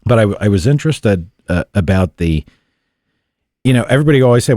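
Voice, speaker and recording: A man's voice: lowish voice, expressive, brisk, a little mellow, dry recording. A man hosting a car podcast in a studio, rambling casually and swearing freely. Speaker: podcast host.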